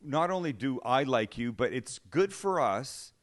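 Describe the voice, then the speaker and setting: A man's voice: medium pitch, unhurried. A man hosting a casual studio chat, telling self-deprecating stories and putting on voices of other people. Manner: self-deprecating, animated storytelling with put-on voices. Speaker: show host.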